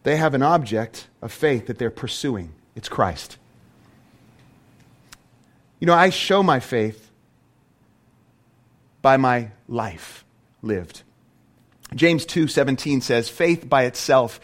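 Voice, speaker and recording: Animated, lively male preacher. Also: mid-range voice. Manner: animated preaching with rhetorical questions. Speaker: pastor. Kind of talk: sermon.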